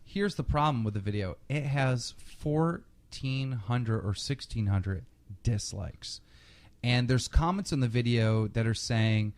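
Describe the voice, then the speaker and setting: Male podcast host, lively storyteller who acts out the quotes. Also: mid-range voice, slow.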